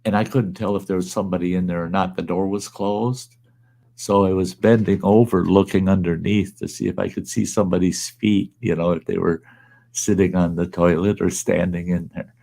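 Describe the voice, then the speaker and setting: Gravelly, salty-mouthed older storyteller. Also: male voice, sits low, steady tone, normal speed, warm tone. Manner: profane, blunt, folksy. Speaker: livestream host. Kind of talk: casual storytelling.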